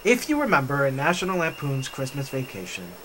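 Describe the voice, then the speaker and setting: A man hosting a vlog, telling a story with animated enthusiasm while he hikes through a forest. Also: mid-range voice, fairly quick, slight background noise. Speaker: vlog host. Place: forest trail outdoors.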